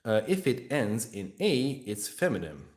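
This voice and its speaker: A man's voice: mid-range voice, very animated, unhurried. A young man chatting casually on a live stream while painting miniatures, rambling, jokey and swearing freely.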